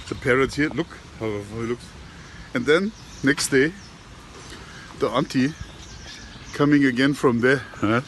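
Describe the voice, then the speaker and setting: Man vlogger, mid-pitched, chatty and halting; outdoor camera sound with faint noise behind. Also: fairly bright tone. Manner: halting, repeats and restarts words. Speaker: vlogger telling a joke. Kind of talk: casual storytelling to camera. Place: outdoors at an industrial estate. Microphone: handheld camera.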